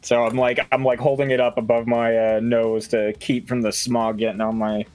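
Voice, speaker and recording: A man's voice: medium pitch, level tone, moderate pace, darkish tone, no echo. A man talking as a player in a tabletop game, rambling with lots of fillers, faint music behind. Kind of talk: casual tabletop play.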